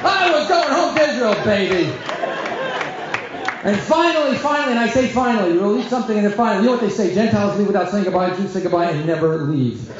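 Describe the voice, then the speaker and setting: A high-voiced middle-aged man tells lively stories as a rabbi addressing a crowd. He acts out voices as he goes. The sound is dull and lo-fi, and a very echoey hall rings around him. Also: fast. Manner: animated storyteller, acts out voices and shouts. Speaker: rabbi giving a talk. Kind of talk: storytelling talk to an audience.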